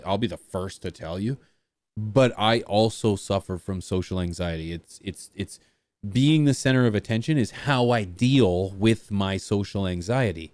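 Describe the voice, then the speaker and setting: Guy streamer, lowish voice, dry close sound, rambly and jokey. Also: darkish tone, no room sound. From small rural town. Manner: rambling, self-deprecating, jokey. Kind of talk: casual livestream chat.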